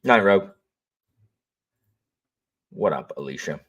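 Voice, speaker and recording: Deep-voiced male streamer, lively swings in pitch, rambling and chatty with viewers. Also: slow pace. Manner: rambling, chatty, greets viewers, frequent fillers and restarts. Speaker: audiobook narrator and livestream host. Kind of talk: casual livestream chat.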